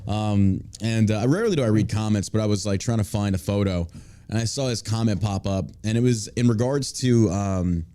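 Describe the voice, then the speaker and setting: Male podcast host, low dark voice, brash and profane, casual mocking banter. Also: fairly quick, smooth.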